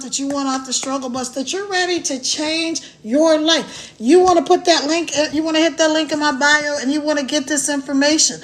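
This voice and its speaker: A chatty, animated woman with a high voice talks straight into her phone during a casual livestream. She laughs easily and keeps the energy up as she speaks to her viewers. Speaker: online business promoter. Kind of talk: casual live-stream chat.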